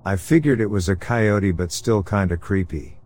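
A man narrating true scary stories sent in by listeners, in a steady, low-key storytelling manner. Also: moderate pace, background noise. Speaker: podcast narrator. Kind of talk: reading listener horror stories.

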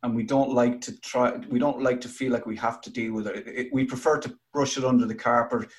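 Irish podcast host, stumbling questions. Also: male voice, medium pitch, steady tone, a little fast. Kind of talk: casual interview chat.

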